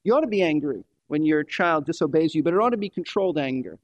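A male preacher with a high-pitched voice delivers a sermon, pressing his points and repeating key phrases for emphasis. The sound is dry and close, with no room echo. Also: lively intonation, fast, lo-fi sound.

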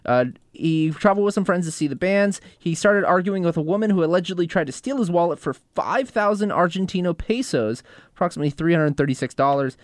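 A man co-hosting a casual podcast, reading music headlines and joking between them with relaxed swearing. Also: high voice, a little fast, dry recording, studio quality. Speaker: podcast co-host.

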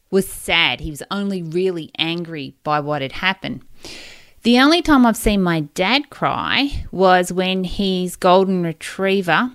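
A woman's voice: lowish voice, a bit bright, dry recording, studio quality. A woman, hosting a podcast and telling personal stories in a candid, emotional, rambling way. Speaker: podcast host.

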